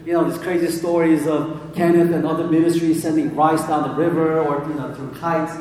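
A man's voice: on the high side, level tone, a little fast, a little mellow, a little hiss or hum. A man preaching a sermon in a casual storytelling way, full of fillers, in a large church hall. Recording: echoey hall from far off.

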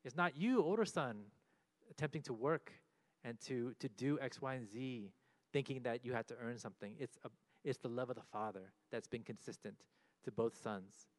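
A man's voice: mid-range voice, normal speed. A man preaching a conversational sermon, explaining scripture and acting out quoted lines with rising emphasis.

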